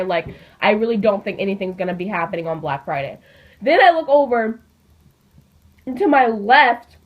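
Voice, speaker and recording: A teenage girl telling a story in a casual, chatty way, with lots of fillers and an animated delivery. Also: mid-range voice. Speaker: vlogger. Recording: dull lo-fi recording.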